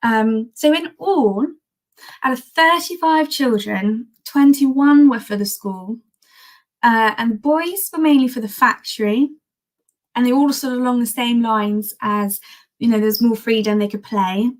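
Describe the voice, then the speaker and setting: A woman's voice: fairly high pitch, a little slow. A woman presenting a history talk on old newspaper archives in a chatty, enthusiastic way, with frequent ums and restarts. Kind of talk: live-streamed history talk.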